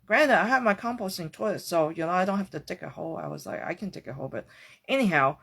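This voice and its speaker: A woman's voice: fairly low pitch, lively intonation, fast, gravelly, fairly bright tone. A woman hosting a podcast, talking through a reflective personal monologue in an earnest, searching way, casual and with the odd swear word. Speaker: podcast host.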